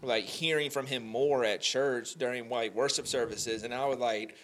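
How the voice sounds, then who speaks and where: A young man telling an emotional faith story on a podcast, animated and full of "like" fillers. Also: medium pitch, normal speed. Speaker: podcast guest. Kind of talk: candid faith conversation.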